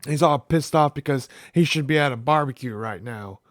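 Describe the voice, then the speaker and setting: A man co-hosting a podcast in casual chat, sharing trivia and loudly quoting lines. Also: mid-range voice, normal speed, no room sound. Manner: shares trivia, loud outbursts when quoting. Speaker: podcast co-host. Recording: dry close sound.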